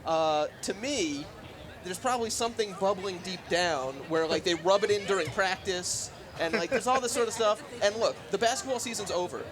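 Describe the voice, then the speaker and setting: High-voiced man commentating a race. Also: moderate pace. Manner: excited, rambling hot takes with restarts. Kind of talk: live sports commentary. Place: outdoors at a street race. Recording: outdoor crowd noise.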